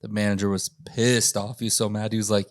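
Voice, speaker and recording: A man telling stories in a casual podcast chat, swearing freely and animated as he recounts things. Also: fairly low pitch, brisk, no echo, studio quality. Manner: profane, animated storytelling. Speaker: podcast host.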